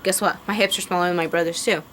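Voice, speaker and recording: A woman's voice: lowish voice, fairly even intonation, quick pace, a bit bright, slight background noise. A young woman ranting to camera in a heated, profane way, rambling with lots of fillers. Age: young adult. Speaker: vlogger.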